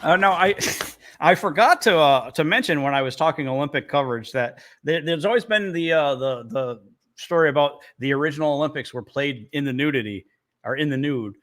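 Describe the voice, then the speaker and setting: A man's voice: a little high, lively intonation, a little fast, a bit bright. A man from Northern New York co-hosting a casual comedy podcast, telling stories and laughing often. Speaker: podcast co-host.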